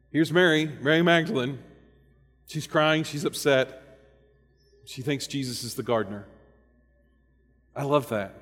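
A pastor preaching a sermon, conversational and dynamic, with rhetorical questions and humor. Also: male voice, mid-range voice, a bit bright, in a large hall.

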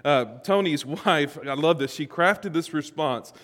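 A man's voice: fairly high pitch, unhurried, fairly bright tone. A middle-aged man preaching a sermon as pastor in a large church auditorium, in a conversational, joking storytelling manner. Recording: long hall reverb.

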